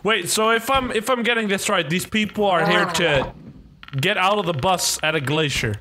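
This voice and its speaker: A man's voice: sits high, moderate pace, sharp tone, a little hiss or hum. A man watching a friend play and fretfully protesting his stunts. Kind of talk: let's-play commentary.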